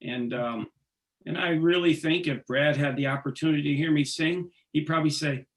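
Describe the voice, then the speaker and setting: A man being interviewed, talking earnestly and haltingly, often restarting his sentences. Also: on the high side, fairly even intonation, fairly bright tone. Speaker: singer, interview guest. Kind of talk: casual interview conversation.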